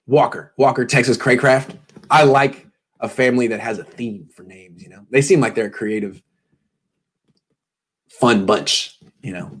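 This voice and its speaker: A tired-sounding man hosts a pregame sports show, chatting casually in a joking, self-deprecating way and wandering off on tangents. His voice is medium in pitch and a little bright.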